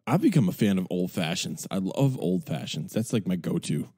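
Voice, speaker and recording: A man's voice: deep voice, lively intonation, normal speed, warm tone, breathy edge. A man co-hosting a podcast, teasing and joking in casual chat. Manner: teasing, jokey. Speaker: podcast co-host.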